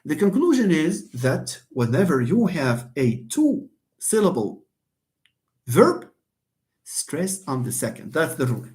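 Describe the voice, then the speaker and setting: A man gives an English phonetics lesson at an unhurried pace. His pitch rises and falls widely as he stretches key words out slowly and stresses them hard. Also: wildly swooping pitch, darkish tone. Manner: slow, emphatic, drawn-out words. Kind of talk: online lecture.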